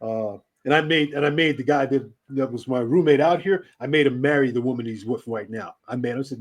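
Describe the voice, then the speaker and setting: A man's voice: on the high side, a little fast, few pauses. A man who hosts a radio show, telling casual stories in an interview with lots of laughs and swearing. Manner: animated, laughing, swearing storyteller. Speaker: radio host being interviewed.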